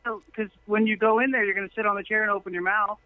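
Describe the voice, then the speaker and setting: A man's voice: high voice, level tone, quick pace, dry recording. A man calling into a talk show, telling long stories earnestly and at length. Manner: earnest, long-winded storytelling. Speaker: caller. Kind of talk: phone-in conversation. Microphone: telephone. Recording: tinny phone line.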